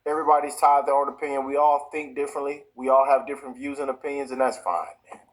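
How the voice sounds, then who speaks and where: A man's voice: medium pitch, level tone, quick pace, low-quality recording. A man, hosting his own show and ranting in heated, repetitive commentary full of restarts. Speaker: show host. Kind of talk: impassioned commentary.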